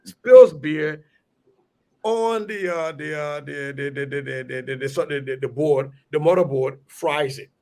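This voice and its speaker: A middle-aged man from Liberia with a Liberian accent, telling a story in a lively, animated way on a radio talk show. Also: a little high, measured pace, vocal fry. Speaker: radio guest. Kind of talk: storytelling in conversation.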